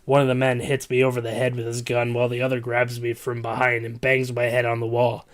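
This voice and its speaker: A man's voice: mid-range voice, monotone, fairly quick. A man reading a comedic story aloud in a dramatic, stumbling way. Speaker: reader.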